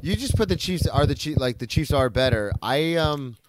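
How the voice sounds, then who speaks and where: A young man co-hosting a casual sports podcast, telling stories with animated emphasis and the odd swear. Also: fairly high pitch, moderate pace, dry recording. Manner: animated storyteller, swears, self-deprecating. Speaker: podcast co-host.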